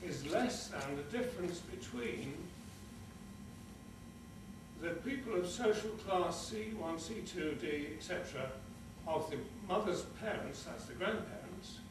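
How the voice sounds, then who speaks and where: Older man, slightly higher voice, earnest and emphatic, distant echoey hall sound. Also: expressive, measured pace. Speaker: award recipient. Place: large conference hall. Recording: echoey hall from far off, noisy.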